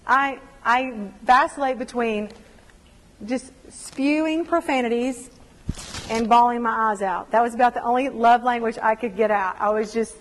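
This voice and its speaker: Woman speaker, animated testimony, slightly high voice, echoing hall. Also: normal speed. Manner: animated storytelling, acts out quotes. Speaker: women's ministry speaker. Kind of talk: personal testimony sermon.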